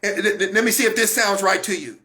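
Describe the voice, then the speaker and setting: A man's voice: high voice, fast talker, bright, forceful tone. A man giving a Christian teaching talk, emphatic and repetitive, coaching his listeners directly. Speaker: broadcast minister.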